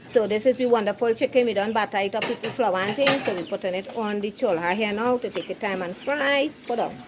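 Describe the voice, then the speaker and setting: A woman's voice: mid-range voice, a little fast. Chatty Caribbean woman cooking by the fire. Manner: chatty, repeats "right?", calls herself by name. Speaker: home cook vlogger. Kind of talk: casual cooking demonstration. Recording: distant mic, loud frying noise. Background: sizzling frying food.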